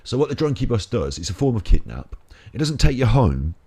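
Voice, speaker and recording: A man's voice: mid-range voice, sing-song, brisk, dark tone, husky. A British man giving chatty, rambling let's play commentary, joking and laughing as he plays. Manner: jokey, chatty, laughs often. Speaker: gaming channel host.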